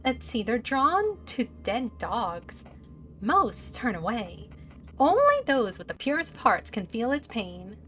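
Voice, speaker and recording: A woman voicing a stern male police detective who slowly presses a suspect in a game interrogation. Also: on the high side, sing-song, a bit bright, soft background music, exaggerated voice. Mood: coaxing. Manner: slow, pressing, accusing.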